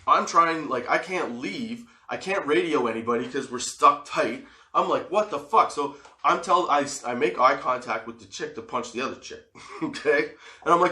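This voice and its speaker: Speaking at a moderate pace in a mid-range voice, a fortyish man recounts a tale for a comedy podcast, profane and lively, cursing freely and breaking into laughter often. The casual storytelling has a roomy echo around it.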